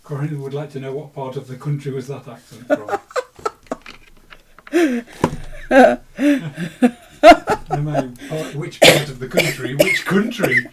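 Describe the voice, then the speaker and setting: A man's voice: fairly high pitch, sing-song, takes it slowly, pauses often, noisy background. Dry-humored man reading viewer comments.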